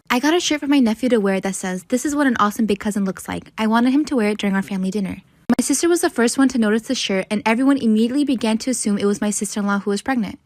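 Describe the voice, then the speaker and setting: Woman, reading a post aloud, fast, dry close sound, slightly high pitch. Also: no room sound.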